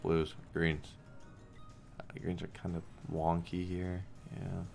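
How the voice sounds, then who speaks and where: A man's voice: sits low, completely flat delivery, slow, vocal fry, a little mellow, soft background music. A young man streaming slot games, talking casually to the game and his viewers, swearing, pleading and sarcastic. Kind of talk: casual gambling stream commentary.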